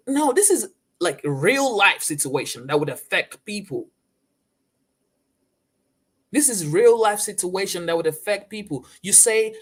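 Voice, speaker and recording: A casual streamer reacts to clips in loose slang, restating each point several times. The talk is restless and conversational, at an ordinary middle pitch. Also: lively intonation, a little slow, a bit bright.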